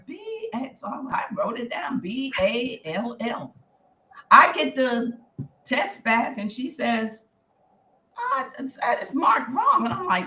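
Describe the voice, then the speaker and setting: A woman's voice: high-pitched, a little slow, distant mic. A woman from New Jersey hosting a talk show, telling stories in casual chat and acting out the quotes. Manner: lively storyteller, acts out quotes. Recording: echoey room with faint background noise.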